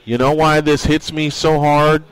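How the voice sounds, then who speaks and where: A man's voice: fairly high pitch, little pitch movement, unhurried, smooth, no room sound, rough recording. A man hosting a sports radio show, speaking earnestly in a monologue and reading quotes aloud.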